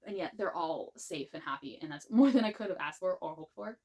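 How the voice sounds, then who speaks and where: Woman gushing about books she loved, lowish voice, keeps restarting and rambling. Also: expressive, brisk, a little mellow. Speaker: book reviewer. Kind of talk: casual spoken book review.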